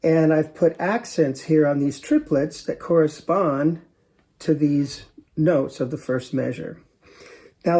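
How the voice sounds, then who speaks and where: Man, 50s, drum teacher, step-by-step explaining, counting in, mellow tone, echoey studio. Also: on the high side. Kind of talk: instructional demonstration. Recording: echoey room.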